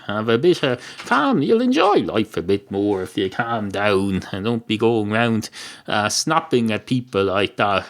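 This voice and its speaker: A man's voice: medium pitch, fairly bright tone. Man voicing a rambling, genteel talking cat. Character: polite, long-winded talking male cat.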